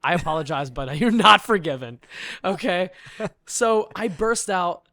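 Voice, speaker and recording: A man with a fairly high voice tells an outraged story on a podcast. He builds up, gets louder and laughs between lines. The sound is dry and close. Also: lively intonation, a little slow, no room sound. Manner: indignant, building, with bursts of laughter. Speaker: podcast guest. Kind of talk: animated storytelling rant.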